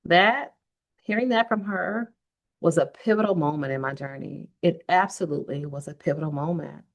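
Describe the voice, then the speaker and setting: Earnest low-voiced woman in her fifties. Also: a little fast, creaky, lo-fi sound. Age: 50s. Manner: earnest, heartfelt, addresses listeners directly. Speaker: podcast host. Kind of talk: personal storytelling podcast.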